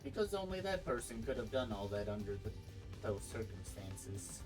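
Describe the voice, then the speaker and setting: A man's voice: lowish voice, very animated, normal speed, over music, rough recording. A man streaming a game, reading its text aloud into a desk microphone and breaking off for casual asides. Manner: reads text evenly, breaks off for casual comments.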